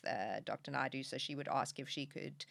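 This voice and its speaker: A woman's voice: a bass voice, brisk, gravelly, a bit bright, dry recording. A middle-aged woman, a podcast guest, speaking candidly in a conversational interview. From South Africa. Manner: candid, emotional at times, laughs through tears.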